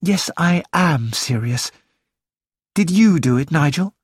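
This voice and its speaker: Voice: medium pitch, animated, slow, husky, dry recording, clean studio sound. A reader voicing firm hostel matron Mrs Hubbard. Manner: firm, serious. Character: middle-aged woman running a student hostel, firm. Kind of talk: audiobook character voice.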